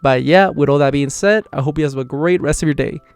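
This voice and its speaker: A man's voice: a little high, quick pace, gravelly. A man casually reviewing an anime episode, retelling the plot in a loose, chatty way.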